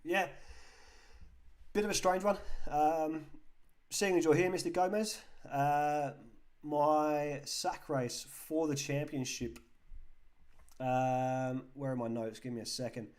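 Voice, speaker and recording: A man's voice: a little high, flat delivery, slow pace, pauses often. An English man hosting a live football chat stream, casually reading out viewer comments and answering them. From England.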